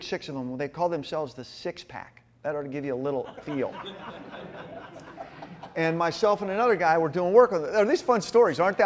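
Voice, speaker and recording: A middle-aged man giving a sermon-style talk to a men's gathering, telling personal stories in a folksy, animated way. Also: on the high side. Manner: folksy, animated storytelling with frequent asides to the group. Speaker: speaker at a men's ministry gathering.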